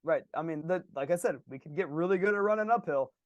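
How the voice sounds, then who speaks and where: A man co-hosting a podcast, telling stories in a casual, energetic and animated way. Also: on the high side, fast talker, dry recording, muffled recording. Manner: energetic, animated storytelling with laughs. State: slightly sick. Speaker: podcast co-host.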